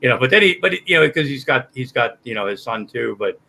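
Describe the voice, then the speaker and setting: Gravelly older man, rambling and profane. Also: mid-range voice, expressive, fast, sharp tone, rough recording. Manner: rambling, profane, many restarts. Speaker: guest on a livestream chat. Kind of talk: casual chat.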